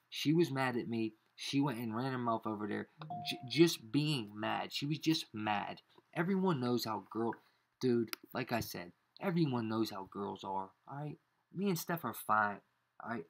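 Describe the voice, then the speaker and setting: Man, confrontational vlog ranter; slangy, repeats insults, average pitch. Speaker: YouTuber. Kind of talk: angry screen-share rant.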